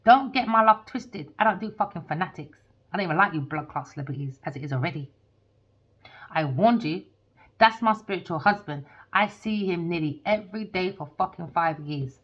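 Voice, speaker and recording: A woman's voice: fairly low pitch, lively intonation, brisk. A woman, a tarot reader ranting heatedly and swearing in a monologue. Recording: dull lo-fi recording.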